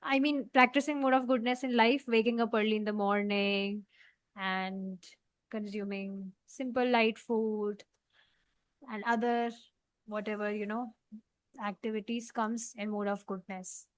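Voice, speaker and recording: A woman's voice: medium pitch, steady tone, a little slow, dry recording. A woman leading a devotional scripture class, explaining earnestly with many fillers. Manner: earnest, explaining, frequent "you know" fillers. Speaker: study group leader.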